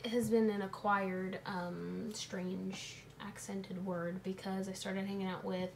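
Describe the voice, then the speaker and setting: A woman's voice: mid-range voice, little pitch movement, creaky, a little hiss or hum. A young woman in casual chat, playful and giggly, teasing her friend. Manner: giggly, playful, quick to tease. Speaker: vlogger.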